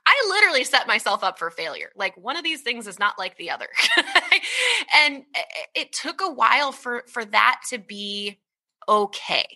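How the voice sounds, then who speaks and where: A woman in her thirties, talking candidly as an interview guest, lively and laughing often, with lots of "like" and "right?". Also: a little high, normal speed. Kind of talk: conversational interview talk.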